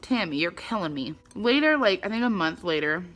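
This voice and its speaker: A woman's voice: lowish voice, fairly quick, slight background noise. Chatty young woman telling a story. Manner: chatty and animated, lots of "like", acts out quotes. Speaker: vlogger. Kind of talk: casual storytime vlog. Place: her home, at a table by the front door.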